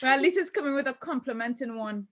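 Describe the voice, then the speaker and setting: High, lively Scouse woman. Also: fast talker. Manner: lively, laughs often. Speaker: podcast co-host. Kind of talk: casual chat at a live podcast.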